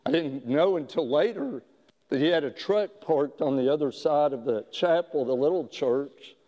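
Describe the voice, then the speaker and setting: A man preaching a sermon as a pastor, telling a story slowly with frequent halting restarts. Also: fairly high pitch, dark tone, muffled recording. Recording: long hall reverb.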